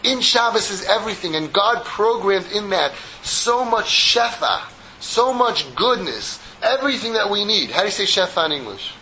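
A man giving a sermon as a rabbi, telling a parable in an animated, joking storyteller manner. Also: high voice, normal speed, a little hiss or hum, poor audio.

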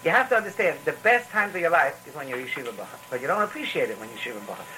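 A man gives a rambling, storytelling Torah talk full of repetitive restarts, mixing in Yiddish phrases. His voice is a little high, sing-song, pushed and bright, and he speaks very fast on a rough recording with a bit of hiss or hum.

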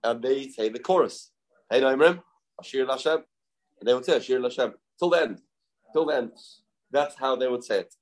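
A Talmud teacher lectures briskly at a middle pitch, pausing often. He chants verses in a lilting sing-song that sends his voice up and down, then settles back into explaining, constantly asking his listeners questions he goes on to answer.

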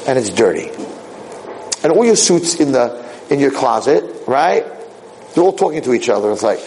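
Animated man giving a Torah talk. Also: mid-range voice, a little hiss or hum, rough recording. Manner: animated storyteller, quick asides. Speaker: rabbi lecturer.

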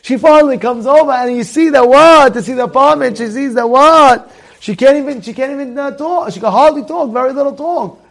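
A man with a high, gravelly voice tells a casual story, full of energy. He keeps circling back, repeating words and restarting sentences as he goes. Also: brisk, fairly bright tone. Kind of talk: casual anecdote.

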